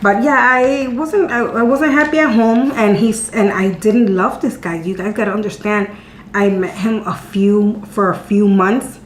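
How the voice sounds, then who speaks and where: Her voice is medium in pitch, steady and a little slow as she candidly shares a personal story with her viewers. She is a vlogger in her thirties answering their questions in a casual, chatty way, repeating words while she talks, in an echoey room with faint hum.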